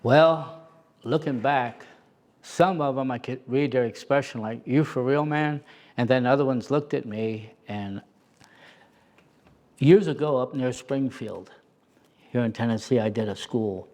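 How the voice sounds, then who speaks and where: A middle-aged man telling personal stories in an animated way, laughing often and acting out the voices of the people he quotes. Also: mid-range voice, measured pace, long pauses. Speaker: interview guest, storyteller.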